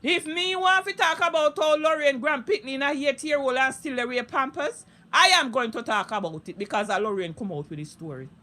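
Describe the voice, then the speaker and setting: A woman's voice: sits high, a little fast, hardly any pauses, bright, forceful tone. A Jamaican woman streaming live on social media, delivering a heated, profane, repetitive rant in thick Patois.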